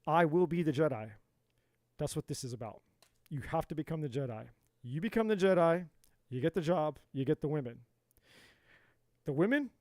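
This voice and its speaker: A man's voice: a little high, a little mellow, no room sound. A man giving a live-stream tarot reading in an emphatic, repetitive, motivational way. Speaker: tarot reader.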